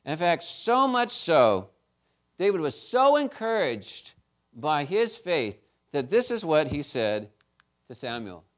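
A man preaching a children's sermon, retelling a story in a chatty, animated way and asking his listeners questions. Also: on the high side, slow.

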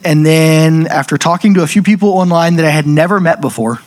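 A man's voice: fairly high pitch, a little fast. Chatty man telling a personal testimony. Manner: chatty, full of "like" fillers, animated quoted asides. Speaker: speaker sharing a personal testimony. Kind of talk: casual storytelling talk.

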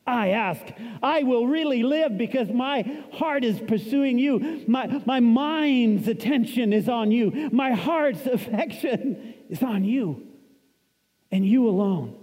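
A man in his fifties preaching with a high, mellow voice, pressing his points through repetition and scripture quotes. The sound rings with a long reverb, as from a large hall. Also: lively intonation, slow. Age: 50s. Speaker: pastor. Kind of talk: sermon.

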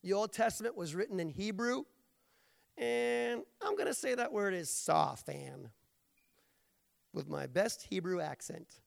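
A man's voice: high voice, sing-song, moderate pace, gravelly. Man, preacher, sermon, playful jokey delivery, long hall reverb.

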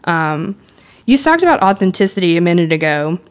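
A woman's voice: on the low side, very animated, a little fast. A woman guest on a podcast, talking casually about a music blog with plenty of fillers. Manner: chatty, filler-heavy.

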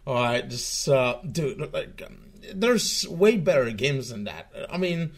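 A man's voice: medium pitch, sing-song, slow. A man ranting on a live stream in a casual, profane, rambling way, stumbling through many restarts.

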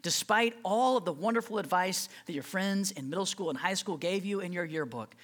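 Animated, conversational preacher. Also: medium pitch, normal speed, few pauses. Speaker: pastor. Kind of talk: sermon.

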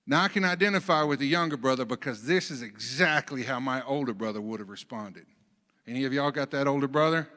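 A man preaching a sermon, telling folksy stories between Bible readings, swinging from soft asides to loud emphasis. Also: medium pitch, fairly quick, big-room sound. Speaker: pastor.

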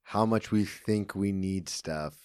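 A man's voice: low-pitched, slow pace, a little mellow, smooth, dry recording, studio quality. A man hosting a podcast in casual chat, wry and swearing freely. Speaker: podcast host.

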